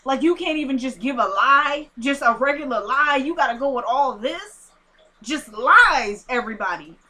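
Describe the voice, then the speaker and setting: A woman casually recapping a TV episode, retelling scenes in an animated, indignant way. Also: high-pitched, moderate pace. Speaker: TV show recapper.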